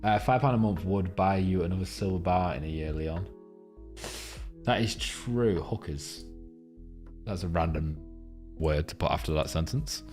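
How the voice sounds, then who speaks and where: A man's voice: low voice, unhurried, pauses often, darkish tone, soft background music. A man live-streaming, chatting crudely with his viewers and rambling between jokes and a chart lesson. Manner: crude, joking, rambling banter with chat.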